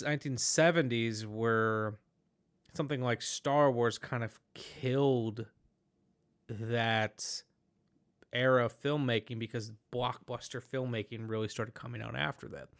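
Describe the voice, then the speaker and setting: A man hosting a podcast, chatting casually about a film, talking in animated, rambling bursts with many restarts and fillers. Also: medium pitch. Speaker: podcast host. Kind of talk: casual movie review chat.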